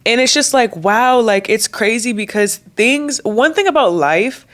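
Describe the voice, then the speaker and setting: A woman's voice: fairly high pitch, expressive, unhurried, a bit bright. Young woman, casual vlog talk, emotional, near tears. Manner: emotional, candid, chatty with many likes. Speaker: vlogger.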